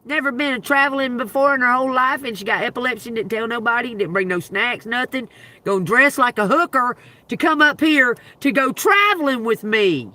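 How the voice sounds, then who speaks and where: A woman's voice: fairly high pitch, brisk, pushed and bright. A woman hosting a livestream, telling a story in an emphatic, profane, laughing way. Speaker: livestream host and tarot reader.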